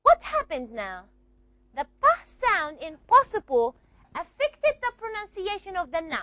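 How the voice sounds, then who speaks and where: A woman gives a phonetics lecture in a very high, lively voice that swings up and down, with a bright edge. She poses questions to the class, answers them herself, and draws out key words slowly. The recording sounds dull and lo-fi. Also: no echo. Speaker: phonetics teacher.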